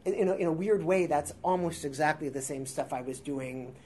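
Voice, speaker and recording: Man, 40s, naturally high-pitched voice; self-deprecating, meandering guest storyteller; faint background noise. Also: brisk, a little mellow. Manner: rambling, self-deprecating, with filler words and restarts. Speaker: guest improviser. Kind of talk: casual interview storytelling. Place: theater workshop space before a live audience.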